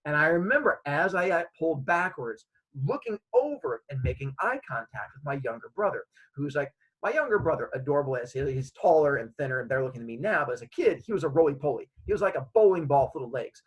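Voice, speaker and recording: A man's voice: on the high side, slightly rough, poor audio. A man telling a funny story from his childhood, acting out the scenes. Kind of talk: comedic personal storytelling.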